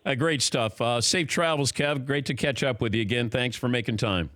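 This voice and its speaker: A man's voice: mid-range voice, moderate pace, fairly bright tone, no room sound, studio quality. A man hosting a talk radio interview, laughing along with his guest and reading sponsor plugs. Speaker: radio show host.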